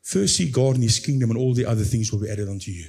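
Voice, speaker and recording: A man preaching a sermon as pastor, reading scripture aloud and acting out a pleading believer in a high, anguished voice before dropping low and slow. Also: gravelly, a little mellow.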